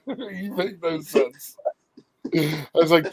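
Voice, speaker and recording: A man's voice: a little high, slow pace, husky. A man as a guest on a livestream, casually telling teasing stories. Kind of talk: casual chat.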